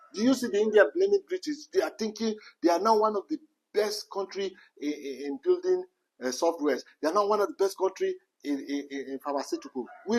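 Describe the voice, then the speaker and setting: A Nigerian man delivers an impassioned, emphatic rant packed with repeated phrases and rhetorical questions. His voice is high-pitched and husky, and the recording is rough.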